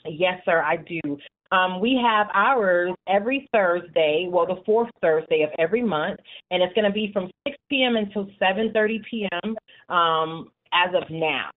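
A woman's voice: fairly low pitch, normal speed. Chatty woman in her forties on a phone line. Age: 40s. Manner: animated storytelling with frequent "you know". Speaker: support group leader. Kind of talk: casual interview.

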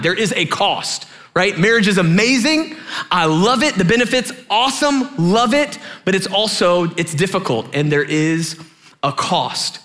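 A man preaching as a youth pastor, telling a personal story in an animated way and laughing often. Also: sits high.

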